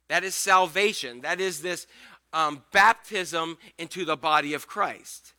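A male pastor giving a conversational, animated sermon, acting out the scripture scenes as he goes. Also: a little high, unhurried.

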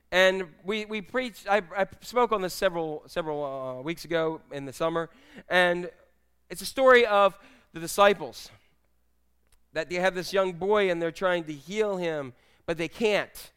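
A man's voice: high voice, a bit bright, clean tone. A male pastor preaching a sermon in a conversational, jokey storytelling manner.

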